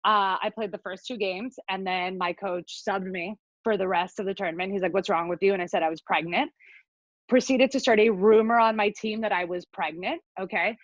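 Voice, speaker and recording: A young adult woman telling a comic personal story over a video call, rambling with quick asides. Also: mid-range voice, dry recording. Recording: dry, dull lo-fi video call audio.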